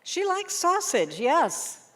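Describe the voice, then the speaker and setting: A woman English teacher leading a workshop, explaining classroom games in an animated way and checking in with the room often. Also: very high voice. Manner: lively, animated teacher, quick questions to the room. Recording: long reverb of a hall.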